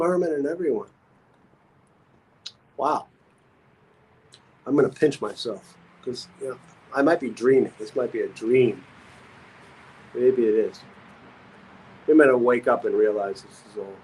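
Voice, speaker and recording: A man's voice: medium pitch, breathy edge, poor audio. A man hosting a casual livestream, reading comments aloud and rambling with repeated phrases and stammers. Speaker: livestream host.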